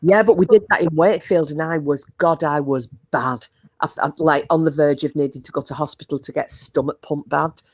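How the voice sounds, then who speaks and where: Chatty low-voiced woman. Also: fairly quick, lo-fi sound. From England. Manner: chatty, swears freely, laughs often. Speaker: livestream host. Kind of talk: casual live chat.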